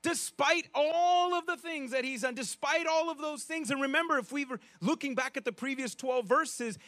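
High-voiced, bright, chatty preacher. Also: male voice, normal speed, no echo. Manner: conversational, animated, with frequent restarts and asides. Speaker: pastor. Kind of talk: sermon.

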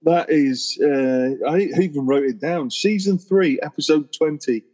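A man's voice: fairly high pitch, measured pace, a little mellow. A man co-hosting a podcast, chatting casually and laughing his way through a funny story. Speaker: podcast co-host. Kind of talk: casual chat.

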